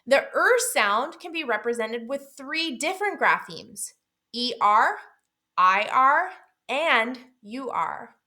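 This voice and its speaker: Female literacy teacher, fairly high bright voice, clear, deliberate phonics delivery. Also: expressive. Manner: clear, deliberate, stretches out sounds. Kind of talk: explanatory phonics lesson.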